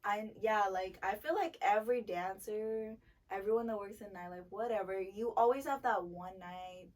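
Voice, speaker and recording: A young woman co-hosting a casual chat, telling stories animatedly with lots of swearing and loud bursts. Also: medium pitch, normal speed, far from the mic. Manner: animated, profane, loud bursts when retelling anger. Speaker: podcast co-host, dancer.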